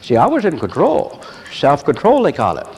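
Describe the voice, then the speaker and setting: An older man preaching a sermon, telling a story with animated voices and laughter. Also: a little high, moderate pace. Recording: long echo of a large hall, faint ambience.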